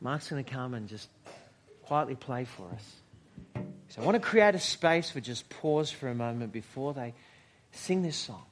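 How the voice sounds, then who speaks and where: A man preaching a sermon at a church service, measured and reflective, with dramatic pauses and moments where he drops almost to a whisper. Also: mid-range voice, animated, slight background noise. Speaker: pastor.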